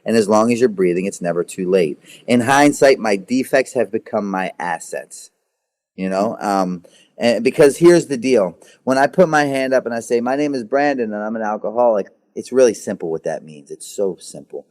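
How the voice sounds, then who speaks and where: A man's voice: on the low side, a little mellow. A man in his thirties, a guest in an interview, telling his own story frankly, often stumbling over repeated words before driving a point home. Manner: halting, repeats words, then intense and emphatic.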